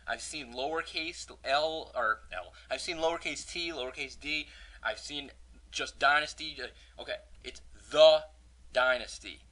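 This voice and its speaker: A man's voice: a little high, normal speed, bright, forceful tone. A man hosting a casual podcast, joking and venting about a minor pet peeve. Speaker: podcast host.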